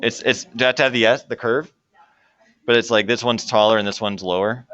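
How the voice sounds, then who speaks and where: A man's voice: medium pitch, steady tone, a little fast, fairly bright tone, muffled recording. A man teaching a math lesson to a classroom and joking with his students as he works through problems. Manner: jokey, talks to students while working problems. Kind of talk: classroom lecture.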